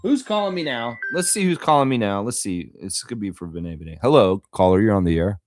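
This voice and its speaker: A man hosting a live basketball podcast, chatting and joking in an animated way with his viewers. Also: on the low side, brisk, faint music behind. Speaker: host of a basketball podcast livestream. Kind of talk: casual live commentary and chat.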